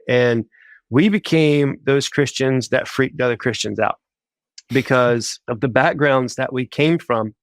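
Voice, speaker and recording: A man of middle pitch tells his faith testimony in a relaxed, animated way. He scatters "like" through his speech and voices his own thoughts as quotes. The recording is close and dry. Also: no echo. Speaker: guest sharing a faith testimony. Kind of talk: casual storytelling.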